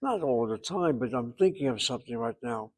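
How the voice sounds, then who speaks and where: A man teaching a Hebrew grammar lesson, explaining patiently and repeating words slowly to show how they sound. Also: mid-range voice, lively intonation, darkish tone, rough recording. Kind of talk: classroom grammar lecture.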